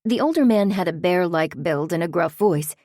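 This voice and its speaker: A woman narrating a novel in a steady, even audiobook reading. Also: on the low side, moderate pace, no room sound, studio quality.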